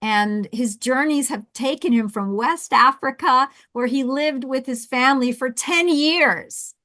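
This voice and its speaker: A woman with a South Jersey accent hosting a webinar, coaching with lively restarts and repeated words. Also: high-pitched, measured pace, no room sound. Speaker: webinar host and intercultural coach.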